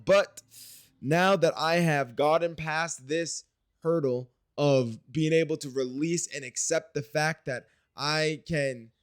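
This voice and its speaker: A man's voice: a little high, no room sound. Candid rambling man, dry close sound. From Wisconsin, US. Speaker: video diarist. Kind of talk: casual spoken diary.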